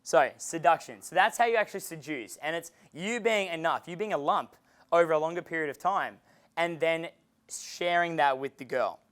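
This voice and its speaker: High-voiced dating coach. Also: male voice, moderate pace, fairly bright tone, smooth. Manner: casual and chatty, swears freely, laughs at his own stories. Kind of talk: seminar lecture.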